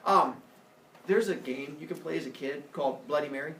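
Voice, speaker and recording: A man's voice: fairly high pitch, a little fast, fairly bright tone, a little hiss or hum. A man teaching a class, lecturing in a playful, joking way. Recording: echoey classroom from far off.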